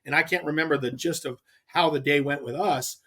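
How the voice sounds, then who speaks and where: Male guest storyteller, rambling, animated, acts out dialogue, voice sits high. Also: fairly quick. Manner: rambling with restarts. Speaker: podcast guest, pro angler. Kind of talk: casual storytelling.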